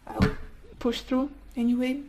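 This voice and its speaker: A woman giving a gentle, emotive tarot card reading, whose first language is not English and who often drops into a near whisper. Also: sits high, little pitch movement, a little slow, background noise. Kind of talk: soft-spoken pick-a-card tarot reading.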